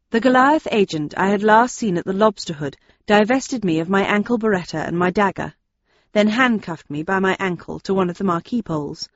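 A woman reading a novel aloud in the first person, with measured, steady storytelling. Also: medium pitch, dry recording, lo-fi sound. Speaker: audiobook narrator. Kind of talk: first-person audiobook narration.

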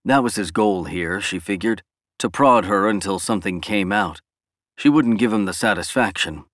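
A man narrating a novel as an audiobook in an even, measured reading. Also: on the low side, dry recording, clean studio sound.

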